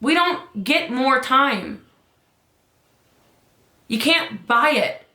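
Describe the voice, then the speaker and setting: Emphatic woman coach with a bright voice. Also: expressive, drawn-out words, roomy sound. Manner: emphatic, urgent, rises high on key points. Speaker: business coach. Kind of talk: motivational talk.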